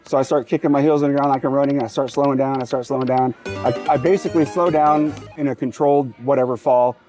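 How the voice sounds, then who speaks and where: A man's voice: mid-range voice, fairly even intonation, fast, over music. A man hosting a slots channel, telling a long story casually while he plays. He rambles, cuts himself off and urges the machine on between sentences. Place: casino floor.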